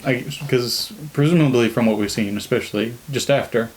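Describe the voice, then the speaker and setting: A man co-hosting a casual podcast chat, thinking out loud in a speculative way. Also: mid-range voice, brisk, slight background noise, poor audio. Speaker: podcast co-host.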